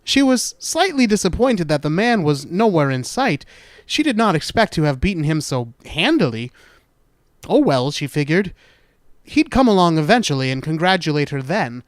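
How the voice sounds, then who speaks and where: A man narrates a horror tale slowly and dramatically, and sometimes drops into hushed, dark turns. His voice sits high and ranges widely. The recording is close and dry. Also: sing-song, no echo. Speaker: storyteller, podcast host.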